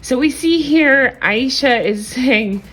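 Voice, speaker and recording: A woman's voice: sits high, animated, takes it slowly, a bit bright, husky, soft background music. Chatty gossipy woman recapping TV. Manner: frank, gossipy, laughs often, swears casually. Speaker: TV recap vlogger.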